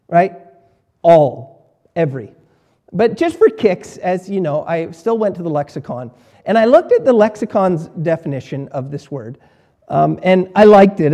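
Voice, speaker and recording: A man preaching a sermon as pastor, emphatic, repeating key words and swinging between quiet and loud. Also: sits high.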